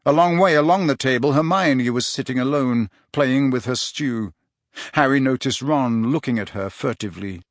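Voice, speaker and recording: A man reading a novel aloud as narrator, in measured, expressive storytelling. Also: mid-range voice, no room sound, clean studio sound. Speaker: audiobook narrator. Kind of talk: scripted narration.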